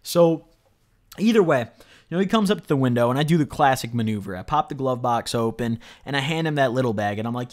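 Animated, rambling young-sounding storytelling man. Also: medium pitch, fast. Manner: rambling, fills speech with "like", "you know" and "right?"; emphatic, swears freely. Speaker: storyteller vlogger. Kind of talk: casual storytime monologue.

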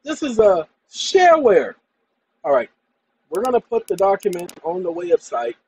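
A tired man rambling through a casual computer tutorial, often addressing "ladies and gentlemen". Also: high-pitched, wildly swooping pitch, normal speed, slight background noise, low-quality recording. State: tired after a long day. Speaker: channel host. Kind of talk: casual screen-share tutorial and monologue.

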